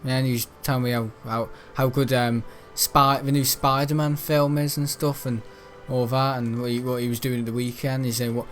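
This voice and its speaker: A man's voice: medium pitch, fairly even intonation, moderate pace, hardly any pauses, a bit bright, soft background music. Rambling young British man chatting. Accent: British English. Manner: chatty, meandering, lots of fillers and self-corrections. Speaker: gaming channel host. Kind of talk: rambling casual chat over gameplay.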